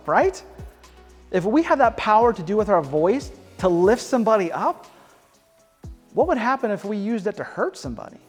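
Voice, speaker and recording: A man's voice: sits high, big-room sound. A man teaching a beginner martial arts class, coaching viewers in an upbeat, encouraging way. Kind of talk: home workout class instruction.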